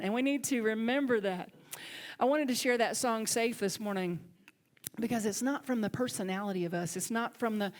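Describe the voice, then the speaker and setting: A woman minister with a Southern accent, preaching a sermon and telling a personal story with lively swings from loud to hushed. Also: on the high side, moderate pace. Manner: animated, swings from loud to hushed near-whisper. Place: church sanctuary.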